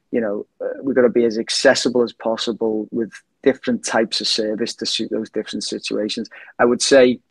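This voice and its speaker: A middle-aged man talking as an interview guest, halting with many restarts and fillers. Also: mid-range voice, husky, dry recording. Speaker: guest, company CEO. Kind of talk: casual interview talk.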